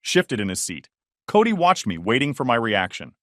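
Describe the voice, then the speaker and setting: A man's voice: medium pitch, big pitch swings, moderate pace, a bit bright, dry recording, studio quality. A man in his thirties narrating a first-person story in terse, clipped sentences. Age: 30s.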